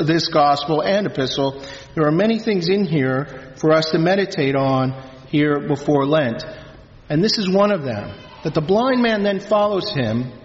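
A man, a priest, reading scripture and preaching a sermon in a solemn, measured way in a church. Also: fairly high pitch. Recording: reverberant church, dull lo-fi sound.

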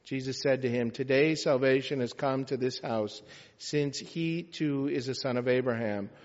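A man's voice: mid-range voice, a little mellow. Solemn male priest in an echoey church. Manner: measured, solemn proclamation. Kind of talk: liturgical reading and homily. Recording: echoey church, slightly dull sound.

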